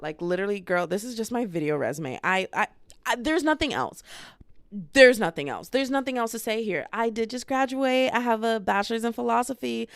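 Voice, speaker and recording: A woman's voice: medium pitch, a bit bright, clear, resonant tone, no room sound, studio quality. A woman, hosting a casual podcast vlog from home and talking to a small handheld camera in a bubbly, rambling, self-mocking way. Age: 20s. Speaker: podcast host. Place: home room with bookshelf.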